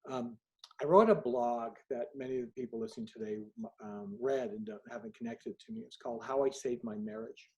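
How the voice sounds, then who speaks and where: Author guest, middle-aged man, mid-pitched voice, candid storyteller who plays out both sides of a conversation. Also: a little fast, highs cut off. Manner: candid, anecdotal, acts out dialogue. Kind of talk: storytelling in an interview.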